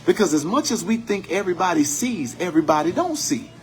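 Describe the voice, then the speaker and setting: A man's voice: high voice, big pitch swings, brisk, soft background music. A man giving an impassioned, profane commentary monologue, building his points with preacher-like repetition.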